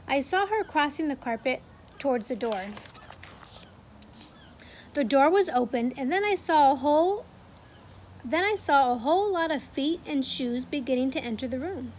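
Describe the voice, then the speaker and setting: A woman's voice: high voice, lively intonation, moderate pace, long pauses, slight background noise. A woman teacher reading a novel aloud to her class from home, in a plain, friendly way.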